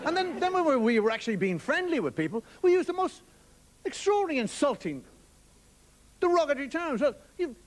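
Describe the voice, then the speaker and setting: A man telling stand-up comedy, wry storytelling that slips into quick put-on voices for the people he quotes. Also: very high-pitched, big pitch swings. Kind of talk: stand-up monologue. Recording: TV studio with audience laughter and noise. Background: audience laughing.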